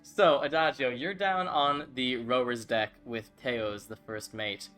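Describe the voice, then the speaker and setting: A man's voice: mid-range voice, steady tone, a little slow, fairly bright tone, faint music behind. A man narrating as game master of a tabletop game, loose and chatty with lots of fillers.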